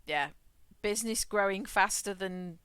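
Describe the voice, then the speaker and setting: A woman chats casually while she streams a game, rambling from one story to the next and laughing often. Her voice is bright and crisp, recorded close and dry with no room sound. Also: mid-range voice, measured pace, no room sound. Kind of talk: casual chat while gaming.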